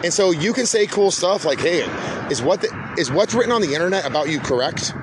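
A man's voice: high-pitched, animated, fairly quick, background noise. A man hosting a podcast in a rambling, casual monologue, laid-back and swearing often, calling people "dude". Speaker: podcast host.

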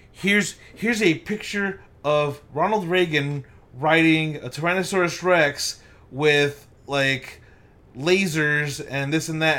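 Profane, animated man telling a story. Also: a little high. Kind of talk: casual chat.

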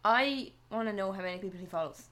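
A woman's voice: mid-range voice, fast, fairly bright tone. A woman co-hosting a podcast, playful and swearing freely. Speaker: podcast co-host. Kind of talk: casual podcast chat.

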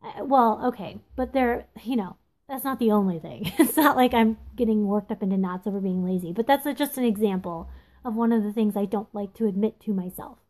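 A woman in her thirties with a candid, confessional way of talking, reflecting aloud in a casual monologue and pausing often with ums. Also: mid-range voice, a little mellow. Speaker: podcast host. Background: phone texting interruptions.

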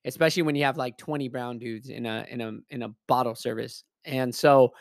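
A man's voice: medium pitch, steady tone, a little fast, dry recording. Man, mid-range voice, casual and emphatic storyteller who swears freely, dry close recording. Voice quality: profane, blunt and emphatic.

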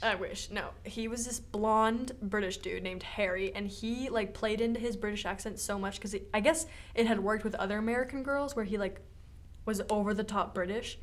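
A woman's voice: mid-range voice, fairly even intonation, normal speed. A young woman co-hosting a podcast, chatting casually and using lots of filler words. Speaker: podcast co-host. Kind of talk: casual chat.

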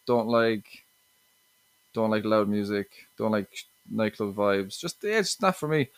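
A man's voice: fairly low pitch, sing-song, a little slow, clean tone, no room sound. An Irish man from Limerick, a stand-up comedian as a podcast guest, talking casually with lots of restarts and 'you know what I mean'. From Limerick, Ireland.

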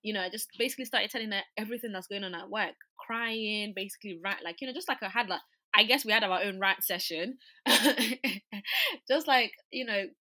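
Young woman, twenties, bright and forceful tone, chatty storyteller who fills with "like" and "you know". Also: mid-range voice, a little fast. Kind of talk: casual storytelling chat.

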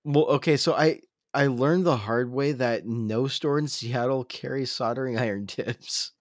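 A man's voice: mid-range voice, a little slow, no echo, clean studio sound. A young man co-hosting a casual podcast chat, joking and punning. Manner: joking, punning, self-deprecating. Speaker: podcast co-host.

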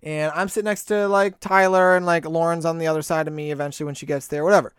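A young man with a slightly higher voice tells a story in a dry, close recording. He is animated and swears freely, and he acts out the voices of the people he quotes in casual chat. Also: fast talker, clean tone, no echo.

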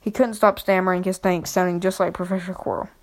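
Woman reading a storybook aloud, flat tone. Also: on the low side, quick pace. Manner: unpolished, with slips and restarts. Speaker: reader.

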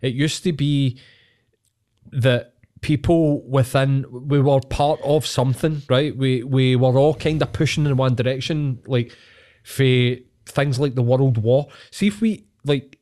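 A man's voice: medium pitch, normal speed, mellow. A man with a Scottish accent on a casual podcast, ranting and swearing heavily.

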